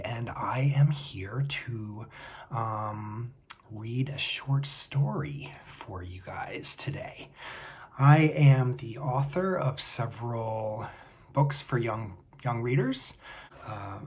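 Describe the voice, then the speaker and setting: A man who writes books for children introduces himself in a relaxed, casual way, with the odd um along the way. His voice is very raspy and breathy, and he speaks slowly. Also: medium pitch. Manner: relaxed, with ums and uhs. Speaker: children's book author.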